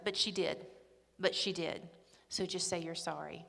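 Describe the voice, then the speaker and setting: A woman's voice: fairly low pitch, fairly even intonation, a little slow, creaky, fairly bright tone. A middle-aged woman speaking at a church ladies' day, chatty, humorous and emphatic. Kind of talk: church talk. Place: church hall. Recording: echoey hall with long reverb.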